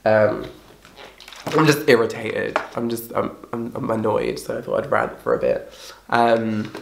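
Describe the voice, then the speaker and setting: A young woman ranting casually to camera, exasperated and swearing often, her voice rough from being ill. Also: extremely low pitch, sing-song, a little slow, a little hiss or hum. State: sounding ill. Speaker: vlogger. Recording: echoey room.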